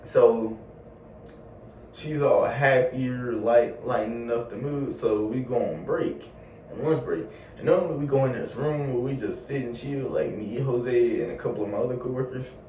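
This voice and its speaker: A man's voice: medium pitch, normal speed, far from the mic, slight background noise. Slangy young man telling a storytime. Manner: slangy, animated, swears a lot. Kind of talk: casual storytime vlog. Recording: roomy echo, a bit off mic, faint ambience.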